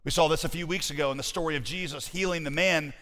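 A man preaching a sermon as pastor, animated and conversational with his congregation. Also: a little high, fast talker. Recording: hall reverb.

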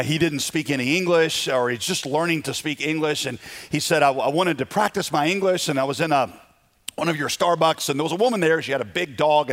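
Upbeat pastor preaching, slightly high voice. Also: male voice. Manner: energetic, humorous, frequent fillers. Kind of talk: sermon. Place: church sanctuary.

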